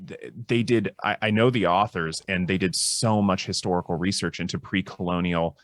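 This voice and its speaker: A man with a very low voice talks through ideas on a panel show. He sounds thoughtful and restarts his sentences often. The sound is dry and close. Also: steady tone, moderate pace, a bit bright, no room sound. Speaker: psychologist co-host. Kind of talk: casual panel discussion.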